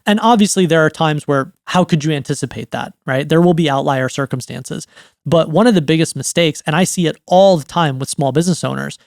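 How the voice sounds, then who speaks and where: Guy in his 30s teaching business stuff, kinda high voice w some vocal fry, dry close sound. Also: fairly quick, no room sound. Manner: conversational, repeats "right?" often. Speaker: writing coach. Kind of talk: educational monologue.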